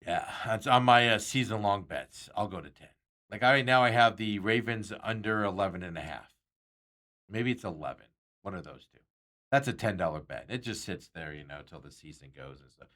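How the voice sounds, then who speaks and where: A man's voice: on the low side, expressive, a little fast, a bit bright. A man hosting a sports talk show, chatting casually and rambling with frequent chuckles.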